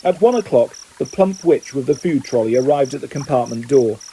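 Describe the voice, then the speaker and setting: A man reading a novel aloud at a steady pace, raising his voice slightly for the characters' lines. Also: fairly quick, a little hiss or hum, rough recording. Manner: reads steadily, lifting pitch for quoted lines. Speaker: audiobook reader. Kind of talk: scripted narration.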